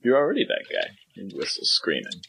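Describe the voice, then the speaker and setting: A man's voice: mid-range voice, wildly swooping pitch, fairly quick, a bit bright, breathy edge. A man in casual banter who rambles, stumbles over repeated words and slips into mock-grand asides.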